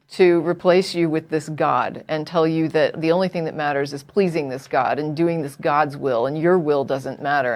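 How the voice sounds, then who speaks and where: A woman co-host with a notably low voice answers a caller on a call-in show. She lays out her points directly and earnestly, explaining step by step.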